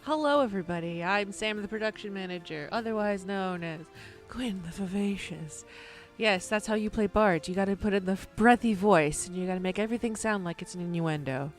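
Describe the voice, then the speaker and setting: A woman's voice: mid-range voice, fairly quick, soft background music. Cheerful, theatrical woman player. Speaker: player and production manager. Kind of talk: casual chat.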